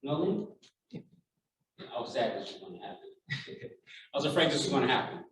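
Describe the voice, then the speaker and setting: In a mid-range voice that runs a little fast, a man in his thirties delivers a keynote to a big room. He shares a personal story with feeling, acting out quotes animatedly, while the very echoey hall makes him sound distant.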